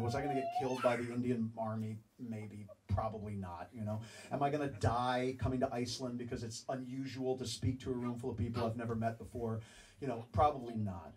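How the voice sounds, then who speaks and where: A man tells a story to a room full of people, animated and self-mocking, slipping into little voices as he goes. His pitch sits in the middle. The mic is some way off, so he sounds distant. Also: slightly rough. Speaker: speaker telling a story to a live audience. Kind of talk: storytelling talk. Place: room with a live audience.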